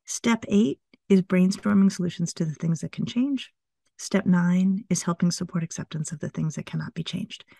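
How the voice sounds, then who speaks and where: A middle-aged woman psychologist, a guest in an interview, explaining things calmly step by step. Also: fairly low pitch, moderate pace, creaky, no echo, studio quality.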